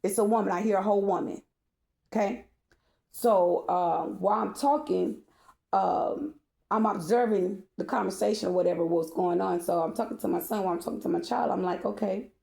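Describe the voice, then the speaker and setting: Furious cursing woman, gravelly voice. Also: mid-range voice, moderate pace, echoey room. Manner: cursing, heated and repetitive, rising to shouting. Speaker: mother venting to viewers. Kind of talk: angry rant to camera.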